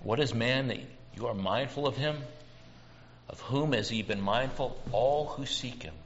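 A man's voice: medium pitch, unhurried, muffled recording, slight background noise. A man preaching a sermon to his congregation, earnest and personal, repeating key questions. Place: church hall.

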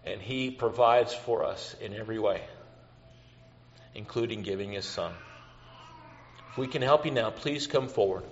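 A man's voice: lowish voice, normal speed, long pauses, dull audio, slight background noise. A man preaching a sermon to his congregation, earnest and personal, repeating key questions. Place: church hall.

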